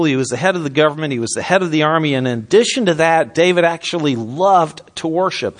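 A middle-aged pastor delivers a sermon in a fairly high voice. He talks with his congregation in a relaxed, conversational way and shifts into measured scripture reading.

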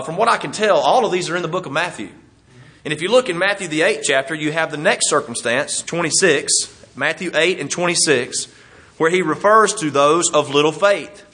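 Man, middle-aged, preacher, sermon, folksy, self-deprecating, bright tone. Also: on the high side.

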